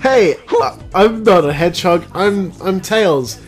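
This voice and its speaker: A man's voice: high voice, lively intonation, measured pace, soft background music. A man voicing an eager young fox boy who rambles earnestly and preaches safety.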